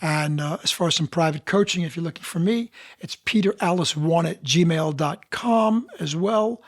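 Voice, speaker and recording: A man with a fairly high voice talks as a podcast guest. He tells his stories with animation and acts out the people he quotes. He speaks as a seasoned actor and dialect coach. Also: moderate pace. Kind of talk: casual interview storytelling.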